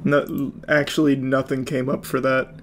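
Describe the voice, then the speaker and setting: A man's voice: mid-range voice, level tone, unhurried, a little hiss or hum. A man doing casual video reaction commentary, incredulous and sarcastic, swearing freely.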